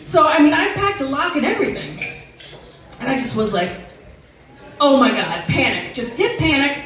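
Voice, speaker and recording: Animated woman telling a story in an echoey hall. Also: high voice, a little fast, recorded from a distance. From United States. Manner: animated, casual and profane, laughing through the tale. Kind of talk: live storytelling.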